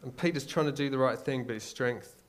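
A man's voice: mid-range voice, brisk. A man with an English accent preaching a sermon in a conversational, searching way, retelling a story and asking the listeners rhetorical questions. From England.

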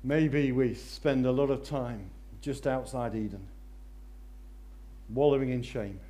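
A man preaching a sermon, swinging between loud excitement and hushed intensity. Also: mid-range voice, slow.

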